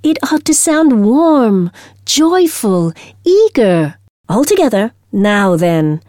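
A woman reading a storybook aloud, voicing a cheerful, eager young music teacher in a bright, excited manner. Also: fairly high pitch, slow pace, dry recording, studio quality.

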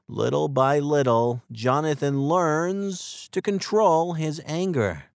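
A man narrating a textbook story for language learners in a clear, deliberate and expressive way. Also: on the high side, dry recording, clean studio sound. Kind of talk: slow scripted narration for learners.

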